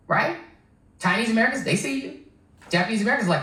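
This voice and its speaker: A woman's voice: fairly high pitch, expressive, fast talker, long pauses, fairly bright tone, roomy sound, poor audio. A woman delivering impassioned political commentary, emphatic and repetitive, often mocking the voices of others.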